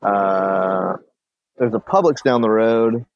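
A man's voice: lowish voice, slow pace, no echo, lo-fi sound. A young man telling loose, rambling stories as a podcast co-host in casual chat. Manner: laid-back, rambling storyteller.

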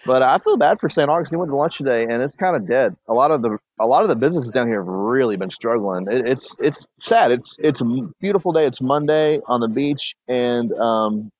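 A man's voice: mid-range voice, expressive, brisk, hardly any pauses, muffled recording. A young man telling loose, rambling stories as a podcast co-host in casual chat. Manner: laid-back, rambling storyteller.

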